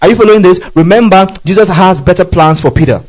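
A man's voice: sits high, fast, a little mellow, poor audio. A man preaching a sermon, often asking the audience questions and laughing between phrases.

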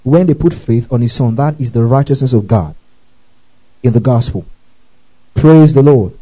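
A preacher gives a teaching sermon, reading scripture with asides, often asking whether people follow and exclaiming in praise. His mid-range voice is warm with a breathy edge at a moderate pace, heard in a rough recording.

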